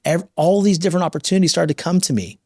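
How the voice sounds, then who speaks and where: A man's voice: a little high, racing, dry recording. Emphatic, fired-up male podcast host. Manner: animated, emphatic, motivational. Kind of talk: casual interview talk.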